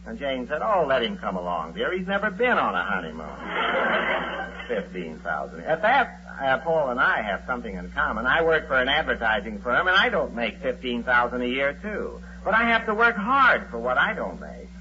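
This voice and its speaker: An actor playing a long-suffering, sardonic husband who also narrates, in a 1940s radio comedy. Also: male voice, mid-range voice, sing-song, moderate pace. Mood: wry narration. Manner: dry and sardonic, wisecracking narration. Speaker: narrator and lead. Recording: dull old radio broadcast with loud hiss.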